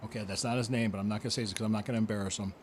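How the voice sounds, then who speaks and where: A man, a former wrestler hosting a podcast, telling stories in a casual, animated way, laughing and repeating himself. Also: on the low side, racing, a little hiss or hum. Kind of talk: casual storytelling chat.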